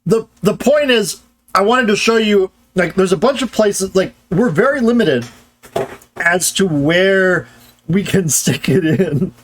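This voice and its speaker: A man giving a casual grammar lecture, explaining step by step and tagging his points with "right?" as his voice drops low. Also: lively intonation, measured pace, a little hiss or hum. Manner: loose explanatory talk, tags points with "right?" and trails lower.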